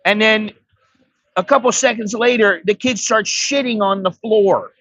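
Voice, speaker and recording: A man's voice: high voice, measured pace, fairly bright tone, no echo. Blunt, profane American man. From United States. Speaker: expat vlogger. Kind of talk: casual storytelling. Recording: dry, slightly dull recording.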